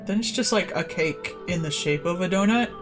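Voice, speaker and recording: A woman from the southern United States, an artist chatting casually on a stream, wry and animated, who swears offhandedly. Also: lowish voice, moderate pace, music in the background. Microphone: headset.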